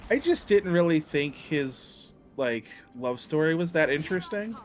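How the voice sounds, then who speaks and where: A man's voice: fairly high pitch, expressive, unhurried, faint music behind. A man chatting casually while streaming a game, laid-back and musing, with a sarcastic streak. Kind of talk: casual gaming stream chat.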